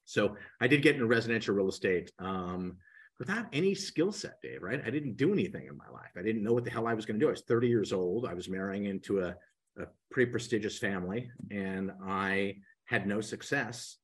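On a low-quality podcast recording, an older real estate coach tells his story as a guest, animatedly playing the parts of the people he quotes. His voice is lowish, a little fast, and slightly breathy.

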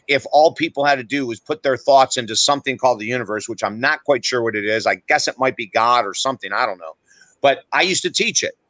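A middle-aged man speaks with a bright, forceful tone, recorded close and dry with no room sound. He is a podcast guest, blunt and emphatic, who pokes fun at himself as he tells his stories. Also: medium pitch, no room sound, poor audio. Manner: emphatic, blunt, self-deprecating. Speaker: guest author. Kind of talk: animated podcast storytelling.

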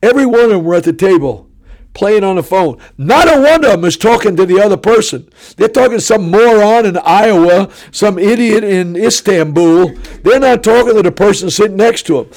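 A man in his seventies, a traveling preacher telling stories in a sarcastic, animated way that often climbs into shouting. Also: sits high, fairly quick. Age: 70s.

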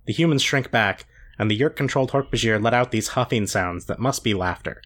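A man's voice: mid-range voice, fairly quick. A man reading a story aloud with wry comic asides. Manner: expressive, wry narration. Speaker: podcast co-host reading aloud.

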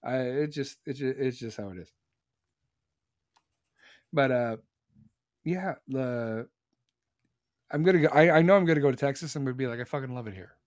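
A man's voice: medium pitch, normal speed, long pauses, dry recording, clean studio sound. A man in his forties hosting a podcast, ranting in a rambling, fired-up way with many restarts. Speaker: podcast host. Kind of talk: casual podcast chat.

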